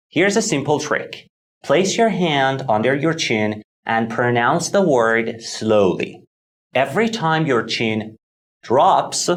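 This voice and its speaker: A man teaching English pronunciation in scripted lesson narration, clear and deliberate as he models words. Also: medium pitch.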